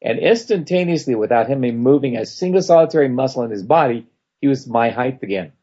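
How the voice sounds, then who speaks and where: A man's voice: mid-range voice, lively intonation, fairly quick, dark tone, husky. A man in casual conversation, telling wry anecdotes and acting out the people he quotes. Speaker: co-host. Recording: dull lo-fi sound.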